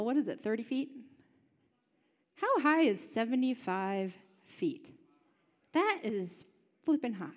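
A woman preaching a sermon in a chatty, animated and humorous way, in a large high-ceilinged room. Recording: long hall reverb.

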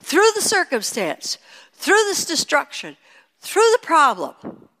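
An older woman teaching a sermon, moving between emphatic high peaks and hushed, quiet asides. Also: takes it slowly. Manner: expressive preaching, rising to emphatic peaks and dropping to hushed asides. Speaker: Bible teacher. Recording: long hall reverb.

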